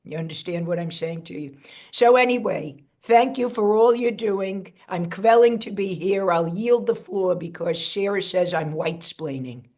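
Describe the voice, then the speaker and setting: A woman's voice: medium pitch, moderate pace, a little mellow, lightly acted. Rich: A doting elderly great-aunt, as a woman puts her on, rambling through folksy asides. She sounds lost with modern gadgets and drifts off topic. Heard over a video call. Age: older. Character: elderly great-aunt, chatty and bewildered by technology.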